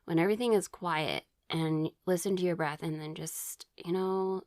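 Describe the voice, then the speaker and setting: A woman talks through her own experiences in a rambling, chatty way, stopping to read from her notes. Her voice sits a little low, and the sound is dry and close with no room around it. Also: fairly even intonation, moderate pace, darkish tone, no room sound. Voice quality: occasional throat clearing. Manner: chatty, rambling with many fillers and restarts. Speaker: vlogger sharing personal experiences. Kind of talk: casual personal storytelling.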